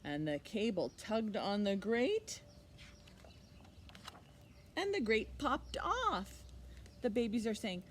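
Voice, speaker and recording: Lady librarian reading a kids' story, slow and bouncy, kinda high voice, bit of faint hiss behind. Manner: expressive, slow and animated, with asides to the listener. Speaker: children's librarian. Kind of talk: storytime read-aloud for children.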